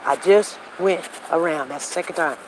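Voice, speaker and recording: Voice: medium pitch, moderate pace, slight background noise, poor audio. Rambling storytelling show host. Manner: storytelling, reenacts conversations; rambling with frequent restarts. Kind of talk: casual talk monologue.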